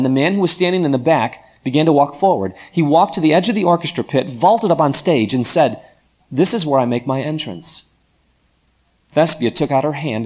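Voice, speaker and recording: A man narrating a story in an expressive, dramatic storytelling manner. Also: on the high side.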